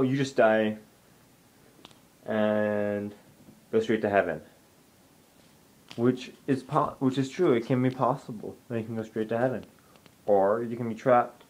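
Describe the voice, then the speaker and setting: A man's voice: mid-range voice, a little mellow. A young man telling a ghost story from his home to camera, rambling casually with lots of restarts and "I'm like" asides. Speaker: vlogger.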